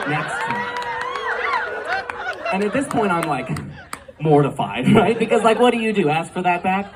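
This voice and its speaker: Chatty male comic on a club stage. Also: sits high. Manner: chatty, filler-heavy, laughs at own jokes. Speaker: stand-up comedian. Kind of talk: stand-up comedy set. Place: live comedy club stage. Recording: live club recording from a distance, crowd noise. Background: audience laughter and club ambience.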